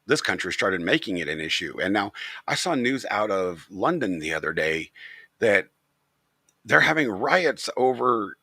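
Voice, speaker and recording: A deep-voiced man rants to the camera with blunt, profane conviction. His voice is rough and husky, yet sharp and forceful, and it leaps up and down a wide range. The sound is dry and close, with no room around it. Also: dry recording. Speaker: channel host. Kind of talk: casual opinion rant to camera.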